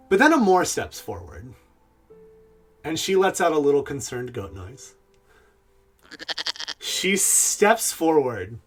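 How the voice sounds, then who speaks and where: A man's voice: medium pitch, fairly bright tone, husky. A man running a tabletop game as game master, narrating in a loose, hesitant way with fillers.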